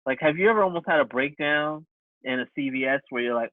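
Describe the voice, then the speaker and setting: A man's voice: a little high, fast talker, no echo. Man on a tinny, dry line. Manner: jokey, acts out little scenes. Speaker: podcast co-host. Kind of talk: casual comedic chat. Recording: dry, tinny phone-like sound.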